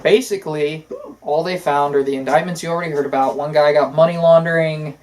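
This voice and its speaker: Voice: medium pitch, fairly even intonation, fairly quick, darkish tone, slight background noise, rough recording. Casting: talk co-host, casual political chat, opinionated, long rambling runs, filler-heavy. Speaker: podcast co-host.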